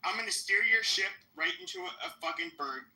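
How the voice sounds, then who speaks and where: A man's voice: sits high, wildly swooping pitch, fairly quick, noisy background. A man hosting a podcast, delivering a profane, taunting, repetitive confrontational rant. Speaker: podcast host. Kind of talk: confrontational live-stream rant. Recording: roomy echo.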